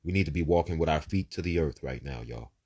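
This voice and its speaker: A low, husky male voice doing a casual livestream psychic reading. He preaches with emphasis, swears often, and stacks words and lists in quick bursts. The voice is deep and a little rough. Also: lively intonation, darkish tone. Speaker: psychic giving live readings.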